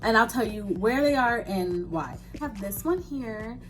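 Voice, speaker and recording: A woman's voice: on the high side, expressive, over music. Chatty young woman, candid and laughing. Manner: candid, laughs often, quick asides with "like". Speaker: vlogger answering viewer questions. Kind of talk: casual chat.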